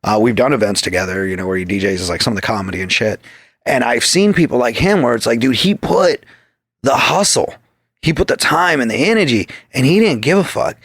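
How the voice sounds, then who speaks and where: Gravelly, foul-mouthed man telling stories. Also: mid-range voice, lively intonation, a little fast, fairly bright tone, dry recording, clean studio sound. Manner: swears constantly, acts out quoted exchanges. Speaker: podcast guest. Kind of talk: profane casual storytelling.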